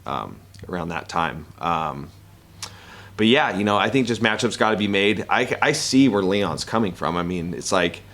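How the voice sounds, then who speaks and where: A man's voice: low voice, fairly bright tone. A man answering reporters' questions at a media session, talking casually with many restarts and frequent laughter. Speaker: professional fighter and analyst.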